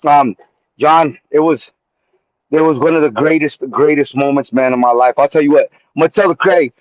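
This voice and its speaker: Excited male caller on a muffled phone line. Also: on the high side, normal speed, no room sound. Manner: animated, slangy, calls host man and homie. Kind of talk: excited call-in storytelling.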